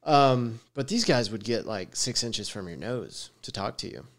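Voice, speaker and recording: A man with a Texan drawl talks loosely and easily on his podcast, spinning stories about travel and personal space. He laughs often and keeps the chat relaxed and friendly. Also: medium pitch, normal speed. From West Texas. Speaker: podcast host. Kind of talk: casual chat. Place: studio with guest six feet away.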